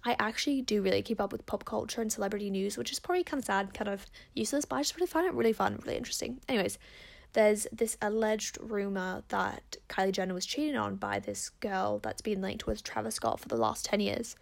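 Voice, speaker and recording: Fast-talking chatty woman with vocal fry. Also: medium pitch, lively intonation. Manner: chatty, rambling, filler-heavy. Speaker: podcast host. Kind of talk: casual advice chat.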